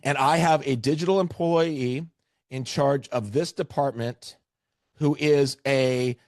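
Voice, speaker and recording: A man's voice: mid-range voice, steady tone, slow, a little mellow, dry recording, studio quality. A man from Canada with a Canadian accent, giving a training webinar and talking emphatically, often repeating words for stress. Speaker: presenter. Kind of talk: webinar presentation.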